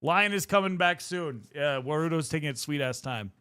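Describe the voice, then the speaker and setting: Bright and forceful, this young streamer's high-leaning voice carries lively intonation at a moderate pace as he chats playfully with viewers. He's mildly out of breath, and the studio-quality recording is clean with no echo.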